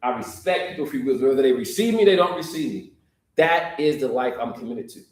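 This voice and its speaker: A man's voice: medium pitch, lively intonation, a little fast, darkish tone. A man preaching a sermon, talking directly to the congregation in an easygoing, conversational way. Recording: echoey room.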